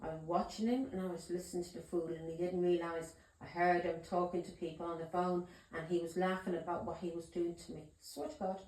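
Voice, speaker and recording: A woman's voice: on the low side, little pitch movement, brisk, few pauses, darkish tone. A woman tarot reader telling a story to camera in a casual way. She is emphatic, swears and keeps checking in with her listeners. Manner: emphatic, swears, keeps asking "yeah?" and "do you understand me?". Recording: roomy echoey room.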